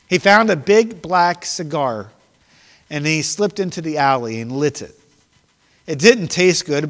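A man's voice: fairly high pitch, a bit bright, long reverb tail. A man preaching a sermon, earnest and confessional, building to emphasis when reading scripture. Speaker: pastor.

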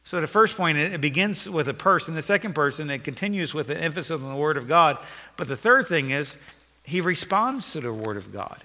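A man's voice: a little high, lively intonation, brisk, pushed and bright, big-room sound. A man preaching a sermon as pastor, earnest and repeating phrases for emphasis, in a church sanctuary.

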